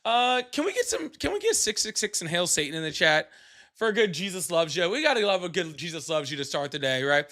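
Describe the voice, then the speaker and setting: A man's voice: high voice, big pitch swings, a little fast, bright, forceful tone. A man hosting a live call-in stream, joking and laughing often, chatting casually with callers. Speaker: livestream host.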